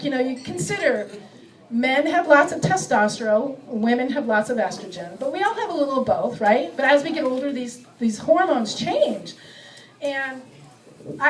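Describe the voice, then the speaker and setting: A high-pitched middle-aged woman works a comedy club stage, poking fun at herself and slipping into quick voices for her bits. The sound is picked up from a distance, so her voice sits a bit back in the room. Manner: self-mocking, acts out bits with quick voice shifts. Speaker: stand-up comedian. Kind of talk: stand-up comedy set. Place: comedy club stage before a live audience.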